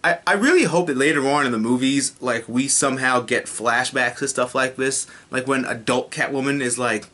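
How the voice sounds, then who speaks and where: A young man reviews a TV episode in loose, profane chat. His voice is bright and forward. He keeps jumping into little voices to act out the scenes. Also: mid-range voice, moderate pace. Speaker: YouTube TV reviewer. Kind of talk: casual spoiler review.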